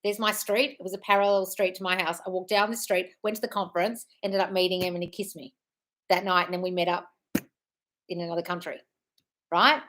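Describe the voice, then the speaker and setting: Fast-talking breezy woman. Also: fairly low pitch, level tone, a bit bright. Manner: frank and breezy, calls listeners "darling". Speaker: manifestation coach hosting a live Q&A. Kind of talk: casual live-stream chat, reading viewer questions.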